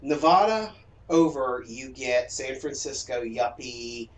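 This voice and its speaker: A man's voice: medium pitch, slow. A man with a Southern US accent, chatting casually and lecturing with jokes as a game streamer. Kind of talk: casual chat. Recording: roomy echo from a distance.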